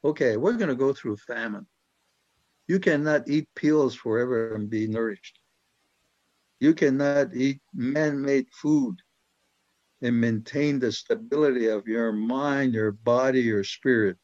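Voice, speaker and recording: A man's voice: mid-range voice, unhurried, a little mellow, no echo, muffled recording. An older American man speaking bluntly in a rambling interview, with many restarts and fillers. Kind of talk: casual talk.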